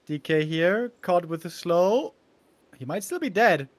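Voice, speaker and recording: Excitable male caster, loud at big plays. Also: high voice, a little slow. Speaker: esports caster. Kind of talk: casual game commentary.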